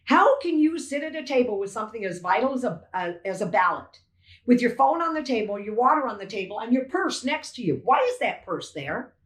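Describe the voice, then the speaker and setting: Indignant older woman, high voice. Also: sing-song, fairly quick. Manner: emphatic, indignant, retells events as dialogue. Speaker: poll challenger giving a witness statement. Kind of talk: emotional first-hand testimony. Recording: echoey room.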